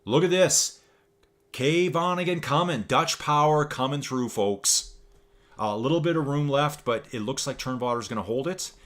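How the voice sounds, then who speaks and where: A man's voice: medium pitch, normal speed. A man in his forties from Canada, chatty and upbeat, giving casual commentary on a virtual cycling race and often addressing the audience as folks.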